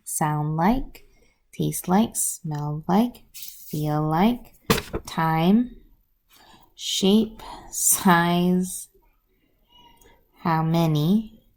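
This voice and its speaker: A woman teacher calmly walking through a classroom routine step by step in a recorded lesson video. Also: fairly low pitch. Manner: slow, deliberate, explains step by step.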